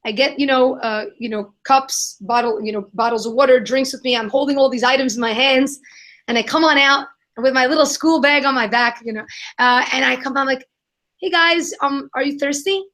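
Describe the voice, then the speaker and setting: A young adult woman answering questions in a live Q&A, telling an animated story and acting out the voices of the people in it. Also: sits high, a little fast. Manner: animated, acts out quoted voices. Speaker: guest, kindness nonprofit founder.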